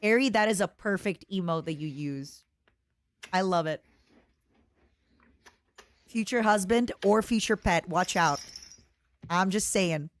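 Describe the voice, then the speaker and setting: A woman streamer chatting casually and reacting to clips, excitable and playful, squealing over cute things. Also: lowish voice, measured pace, pauses often, dry recording.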